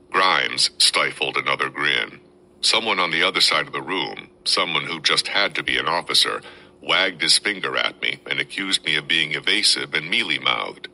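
Male podcast host, memoir reader, very low and sharp-toned. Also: moderate pace, gravelly, low-quality recording. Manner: steady first-person storytelling with dramatic quotes. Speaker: podcast host reading a book. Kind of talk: reading a memoir aloud.

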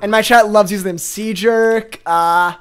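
Excitable chatty male streamer. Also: high voice, smooth. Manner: excitable, chatty, quick to laugh and exclaim. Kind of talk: live gaming stream chat.

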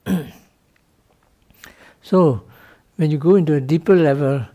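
A man's voice: on the high side, a little slow, warm tone. A man, a Buddhist monk, giving a dharma talk to students in loose, non-native English, asking "no?" to check understanding and laughing lightly. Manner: loose, playful teaching with frequent tag questions like "no?" and small laughs.

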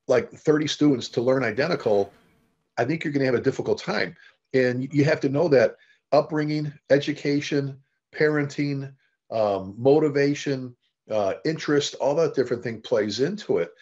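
Animated man telling stories. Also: mid-range voice. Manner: animated storyteller, acts out quoted dialogue, frequent restarts. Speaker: fire service leader and author, interview guest. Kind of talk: conversational storytelling. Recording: dull lo-fi interview audio.

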